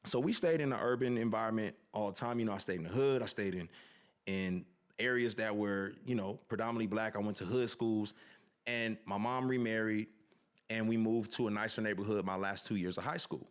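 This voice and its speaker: A man on a podcast earnestly reflects on authenticity and tells personal stories in an animated way. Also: fairly low pitch, a little fast. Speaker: podcast guest. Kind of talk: reflective storytelling.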